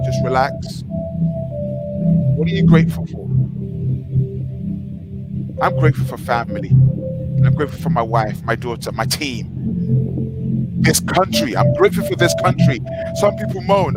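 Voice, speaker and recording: A man hosting a morning motivational livestream, leading breathing exercises, repeating affirmations and giving viewer shout-outs. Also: mid-range voice, animated, a little slow, long pauses. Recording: music playing softly behind.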